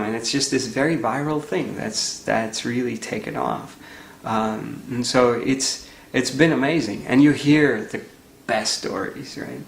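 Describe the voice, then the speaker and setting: A man's voice: medium pitch, vocal fry, echoey room, slight background noise. A man who founded a nonprofit, telling a story in an earnest, conversational way with plenty of fillers. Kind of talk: storytelling talk.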